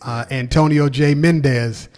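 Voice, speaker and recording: A man co-hosting a podcast in casual chat, laughing often and pausing with ums. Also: medium pitch, steady tone, a little mellow, big-room sound. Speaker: podcast co-host.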